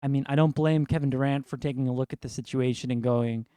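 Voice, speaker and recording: Young man from New York, exasperated rambling sports rant, mid-pitched voice, close and dry. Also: fairly even intonation, quick pace, hardly any pauses, warm tone, clean tone, no room sound. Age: young adult. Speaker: sports fan vlogger. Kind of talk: ranting sports commentary.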